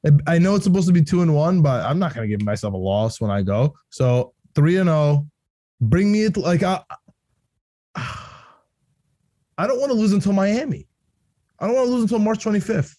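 A young man chatting on a sports podcast in a mellow, low-key timbre. He rambles excitedly, restarts his sentences and laughs a lot. The sound is close and dry. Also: a little fast, dry recording. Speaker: podcast co-host. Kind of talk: casual sports podcast chat.

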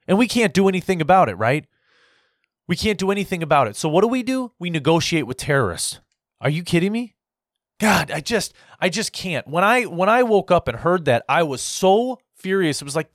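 A man's voice: on the high side, no room sound. Fired-up man ranting, dry close sound. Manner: angry, repetitive, rambling with restarts. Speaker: political commentator. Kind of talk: heated political rant.

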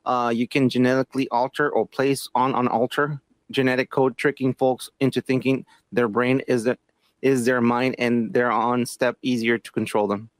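A man co-hosting a casual podcast, laid-back, giving short replies and reading a passage aloud haltingly. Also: medium pitch, level tone, no room sound. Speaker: podcast co-host.

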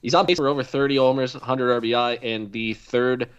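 A man's voice: mid-range voice, steady tone, a little fast, clear, resonant tone. A man co-hosting a casual sports podcast, talking thoughtfully and hedging with fillers as he works through his reasoning. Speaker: podcast co-host. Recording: dull lo-fi mic.

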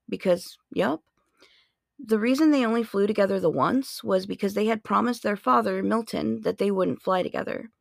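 A woman's voice: medium pitch, vocal fry, no echo, studio quality. A woman in her forties hosting a podcast, sharing history facts in a playful, chatty way with sarcastic asides. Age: 40s. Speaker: podcast host. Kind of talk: casual fact-sharing monologue.

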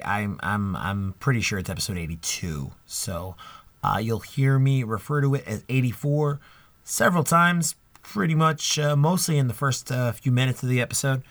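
A man's voice: mid-range voice, fairly bright tone, dry recording. A man in his thirties hosting a podcast, rambling and joking with friends and swearing freely. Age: 30s. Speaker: podcast host. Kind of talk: casual podcast chat.

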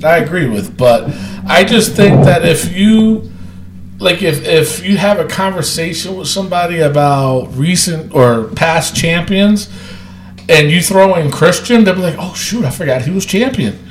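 A man hosting a casual wrestling podcast, talking loudly and excitably and laughing often. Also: fairly high pitch, unhurried, reverberant, a little hiss or hum. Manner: loud, excitable, laughs a lot. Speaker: podcast host.

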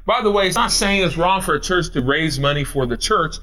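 A man preaching from the pulpit in a voice that rises and falls a lot. He reads scripture at a slow, deliberate pace. Then he breaks it down in casual talk with a Midwestern American accent. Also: on the high side, lively intonation, pushed and bright. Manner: reads scripture slowly, then explains in plain everyday talk. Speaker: pastor. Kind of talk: sermon.

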